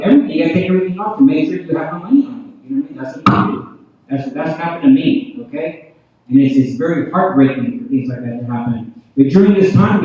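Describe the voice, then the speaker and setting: A man rushing through his revival testimony and turning to the congregation again and again. His voice sits mid-range and comes through thin and tinny, as if over a phone line. It booms back from a big reverberant hall, picked up from well away from the microphone. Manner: addresses the crowd often, repeats "you know what I mean?". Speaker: preacher giving testimony. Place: large church hall. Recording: tinny, very echoey hall from far off.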